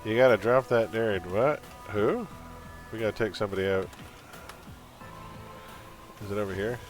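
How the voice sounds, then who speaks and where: A man's voice: on the low side, normal speed, faint music behind. Chatty Canadian man streaming a game. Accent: mild Canadian. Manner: chatty, reads game text aloud, chuckles often. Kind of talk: casual live-stream commentary.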